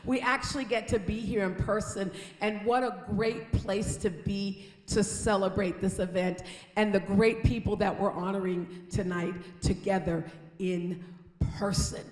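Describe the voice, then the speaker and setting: A woman's voice: mid-range voice, steady tone, unhurried, a little mellow. Lady mayor talking to a full theater, earnest and rallying, big echoey hall with a long ring. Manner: rallying, earnest, calls out to the audience. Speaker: mayor giving a welcome speech. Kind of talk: public speech at an awards ceremony. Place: large historic theater. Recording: roomy theater with long reverb.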